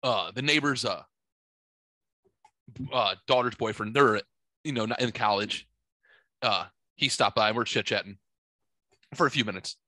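Bright-voiced man in his forties, profane. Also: lowish voice, normal speed, long pauses, no room sound. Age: 40s. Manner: profane, animated storyteller acting out quotes. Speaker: podcast co-host. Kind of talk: casual storytelling chat.

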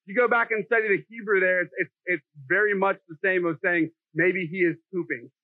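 A middle-aged male pastor with a high voice preaches in a loose, joking, self-deprecating way, talking to the congregation as if chatting. The sound is dry and thin, like a phone line. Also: fast, dry recording. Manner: jokey, self-deprecating, conversational. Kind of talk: sermon.

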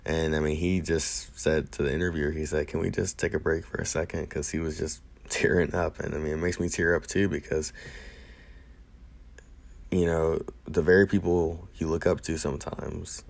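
Young man, very low voice, monotone, casual rambling monologue, earnest, many ums. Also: normal speed, gravelly. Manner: rambling, full of fillers and restarts; earnest, emotional admiration.

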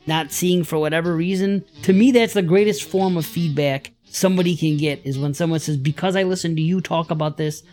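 A man's voice: on the high side, fairly quick, hardly any pauses, a little mellow, soft background music. A man from Buffalo, New York, co-hosting a casual podcast, telling stories emphatically and with animation. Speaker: podcast co-host.

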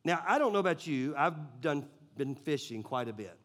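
Guy with a pretty high voice preaching, super casual and rambly, lots of fillers. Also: lively intonation, normal speed, fairly bright tone. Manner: casual, conversational storytelling with many fillers. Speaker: pastor. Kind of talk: sermon.

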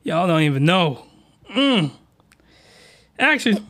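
A man hosting a crude comedy anime recap, reacting loudly and riffing in slang. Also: high voice, slow, creaky. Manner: excitable, slangy, loud reactions.

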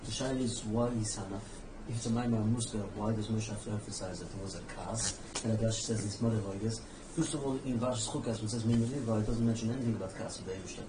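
A man in a study class asking probing questions about the text. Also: on the low side. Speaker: student in the class. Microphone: far from the microphone. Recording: echoey room from far off, background noise.

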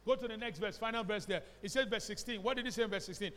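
A man's voice: sits high, quick pace, a bit bright, in a large hall. A man with a Nigerian accent preaching a sermon as a pastor, emphatic, asking the congregation questions and slipping into Pidgin phrases. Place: church hall.

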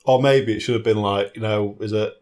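Low-voiced relaxed man chatting. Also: brisk. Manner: relaxed, rambling, filler-heavy. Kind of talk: casual film review chat.

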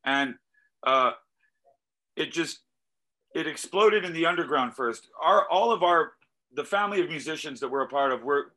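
A male musician talking casually in an interview, telling animated stories, acting out quoted voices and swearing freely. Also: mid-range voice, rough recording. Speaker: musician guest.

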